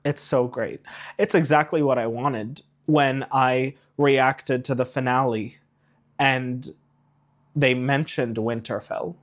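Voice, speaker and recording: A man in an excited spoiler rant reviewing a TV episode, animated, rushing ahead and getting emotional along the way. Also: mid-range voice. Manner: animated, rushes and trails off, emotional asides. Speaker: YouTube reviewer.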